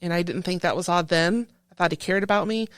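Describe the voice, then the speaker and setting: A woman who is a military veteran, telling a painful personal story in an interview in halting speech full of restarts. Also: on the low side, no room sound, studio quality. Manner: halting, with many restarts, recounting a painful memory. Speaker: veteran guest.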